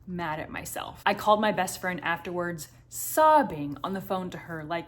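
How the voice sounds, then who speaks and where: A woman's voice: on the low side, big pitch swings, normal speed, few pauses. A woman in her thirties talking to camera in a vlog, telling a personal story in a candid, emotional way with wry humor. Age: 30s. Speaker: vlogger. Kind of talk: confessional vlog monologue.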